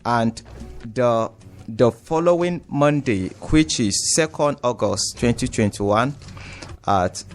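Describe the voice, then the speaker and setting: A man, a community leader speaking as a studio guest in a formal, measured way. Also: medium pitch, animated, faint music behind. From Nigeria. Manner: formal, measured account of events.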